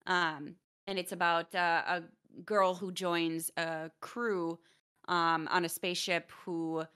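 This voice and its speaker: A young adult woman chatting casually on a stream, lively and quick to laugh. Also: lowish voice, clear, resonant tone.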